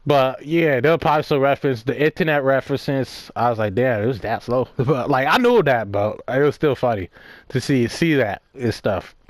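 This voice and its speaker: A man's voice: medium pitch, moderate pace, no room sound. A young man of about nineteen, casually recapping a movie while playing a game, rambling and swearing with lots of laughs and fillers. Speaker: gaming vlogger.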